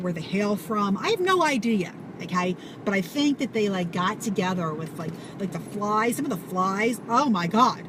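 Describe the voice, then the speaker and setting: A woman telling a story to camera in an animated, casual way, swearing and full of fillers. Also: mid-range voice. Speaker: vlogger. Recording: audible background noise.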